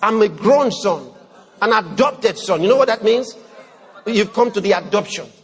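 A man preaching a sermon, animated, swinging between loud outbursts and low murmurs as he acts out people praying. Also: normal speed. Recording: long hall reverb.

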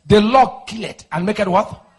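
A man preaching a fiery deliverance sermon, shouting forceful declarations and then dropping into quieter explanation. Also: moderate pace, slightly rough. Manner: shouting, forceful declarations, swings to low intensity.

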